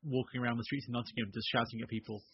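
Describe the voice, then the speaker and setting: A man's voice: medium pitch, flat delivery, rapid-fire, husky, no room sound. Man, podcast host, teasing, lo-fi recording. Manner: teasing, laughing. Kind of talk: casual chat. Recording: dull lo-fi sound.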